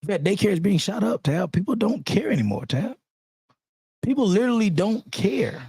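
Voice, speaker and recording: A man's voice: sits high, sing-song, moderate pace, gravelly, a little mellow, breathy edge, no echo, clean studio sound. A man co-hosting a podcast in casual chat, blunt, slangy and profane, often cutting in. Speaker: podcast co-host.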